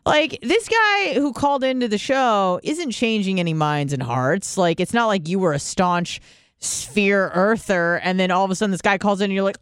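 A man's voice: sits high, moderate pace, smooth, dry recording, clean studio sound. A man in his thirties hosting a call-in show, chatting casually with lots of swearing and big swings in delivery. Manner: animated, swearing, laughs at his own stories. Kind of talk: casual profane call-in chat.

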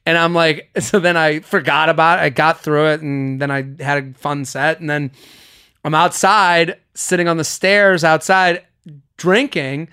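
A man's voice: fairly high pitch, measured pace, clear, resonant tone. A young man hosting a podcast, telling stories in a casual chat and acting out the people he quotes, swearing freely. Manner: animated storyteller, acts out quotes, swears freely. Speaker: podcast host.

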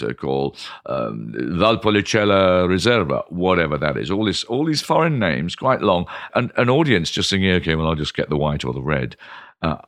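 Animated, low-voiced man. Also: vocal fry, no echo, clean studio sound. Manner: animated, enthusiastic, acts out voices, jumps high in pitch. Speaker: wine expert and former TV presenter. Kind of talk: interview storytelling.

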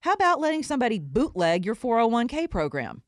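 A woman's voice: on the high side, big pitch swings, fast, dry recording, studio quality. A woman hosting her own podcast, delivering an indignant, sarcastic opinion rant. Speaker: podcast host and recording artist.

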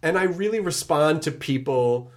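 A man's voice: on the high side, expressive, moderate pace. Middle-aged male podcast host, loose friendly chat with restarts. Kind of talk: casual chat.

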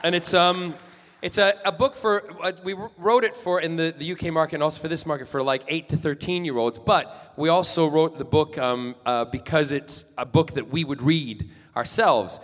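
A man's voice: fairly high pitch, normal speed, few pauses, fairly bright tone. A man chatting animatedly as a guest on a live podcast in a theater, telling stories with many restarts. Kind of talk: casual live podcast chat. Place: theater stage. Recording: live theater with long reverb.

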